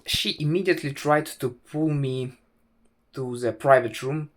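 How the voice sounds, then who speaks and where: Slow, halting young man. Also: medium pitch. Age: 20s. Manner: halting, full of "uh" fillers and restarts; wry, self-mocking. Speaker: vlogger. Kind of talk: casual storytelling to camera.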